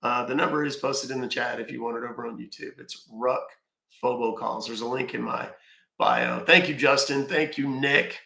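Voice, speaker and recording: A man's voice: mid-range voice, steady tone, moderate pace, gravelly, pushed and bright, roomy sound. A man hosting a casual live stream from home, rambling, thanking viewers by name and swearing offhand. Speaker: live-stream scambaiter host.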